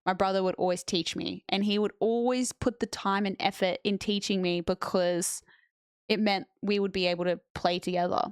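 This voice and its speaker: A woman's voice: medium pitch, smooth, dry recording. A young woman streamer chatting casually with her viewers and answering chat on a close mic.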